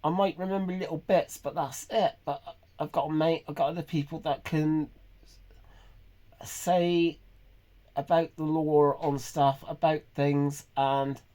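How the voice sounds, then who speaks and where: Halting man in his fifties. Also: a little high, steady tone, mellow. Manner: halting, hesitant, many pauses and restarts; earnest and emotionally raw. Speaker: vlogger. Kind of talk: personal confessional monologue.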